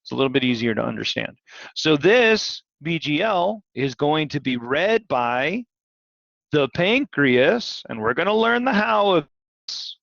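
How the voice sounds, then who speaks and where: A man teaching physiology in a live online lecture, animated and questioning, repeating key words. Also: on the high side, a little slow, gravelly, dry recording. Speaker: physiology instructor. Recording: dull, dry video-call audio.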